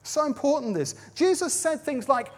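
A man's voice: extremely high pitch, big pitch swings, normal speed. A man preaching a sermon at a baptism service, telling Bible stories dramatically. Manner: storytelling, dramatic quoting with shifts in loudness. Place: large venue with a platform. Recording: long reverb of a large hall.

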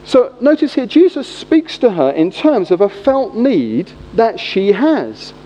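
A man in his forties preaching a humorous, animated sermon in a church. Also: high voice, a little slow. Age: 40s. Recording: echoey hall, dull lo-fi sound.

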